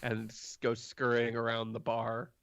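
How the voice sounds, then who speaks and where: A man's voice: medium pitch, completely flat delivery, unhurried, vocal fry, a bit bright, clean tone, no echo. A man narrating as game master, casual and full of fillers. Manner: casual, filler-heavy, laughs often.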